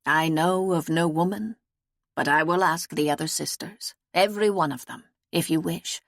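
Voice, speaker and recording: A woman narrator voicing a kindly, gentle nun who speaks calmly and formally to reassure a knight. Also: deep voice, moderate pace, dry recording, clean studio sound. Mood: gentle, reassuring.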